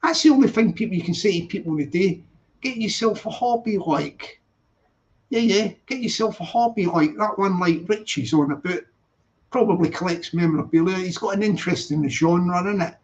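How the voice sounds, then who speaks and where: Chatty man with a high voice. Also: moderate pace. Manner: rambling, repeats himself, chatty. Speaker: live stream host. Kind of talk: casual chat reading viewer comments. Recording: dull lo-fi stream audio.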